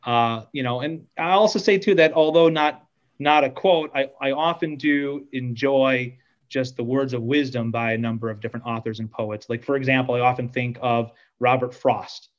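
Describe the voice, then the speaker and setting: A man's voice: medium pitch, normal speed, muffled recording. A middle-aged man, a podcast guest, telling a rambling, self-deprecating story in casual chat with lots of fillers.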